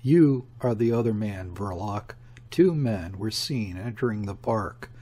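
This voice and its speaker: A man reading the lines of a smooth, emphatic police inspector in an audiobook. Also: fairly low pitch, expressive, unhurried, warm tone. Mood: cool. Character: cool, smooth middle-aged male police inspector.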